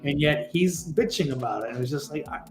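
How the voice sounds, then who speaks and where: This is a man with a slightly high voice, a guest on a political chat show. He talks bluntly, swears casually and sounds fed up with the people he is criticizing. His voice bounces around an echoey room, with faint music behind him. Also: fairly quick. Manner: blunt, profane and exasperated.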